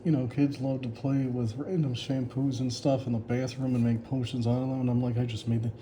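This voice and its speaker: A man's voice: mid-range voice, level tone, a little fast, mellow, slight background noise. A man in casual commentary, reacting sarcastically to his own old writing, mocking it and laughing often. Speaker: author reviewing his old story.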